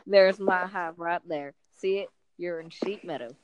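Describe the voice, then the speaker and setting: A woman's voice: lowish voice, a little slow, no echo, muffled recording, close to an everyday voice. Woman putting on a New York comedian guy. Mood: chatty. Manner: reads movie lines in a put-on comic voice. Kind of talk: comic movie-script reading.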